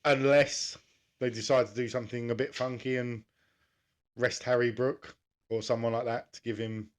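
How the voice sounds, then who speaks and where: A laid-back man in easy podcast chat, his voice sitting at an ordinary middle pitch. He swears offhandedly and breaks into laughs often. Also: flat delivery, normal speed. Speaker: podcast co-host. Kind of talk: casual chat about cricket.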